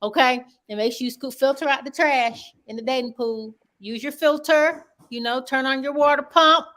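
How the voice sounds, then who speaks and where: A woman's voice: sits high, normal speed, fairly bright tone. Playful, emphatic woman hosting a talk panel. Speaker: host. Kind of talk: casual panel discussion.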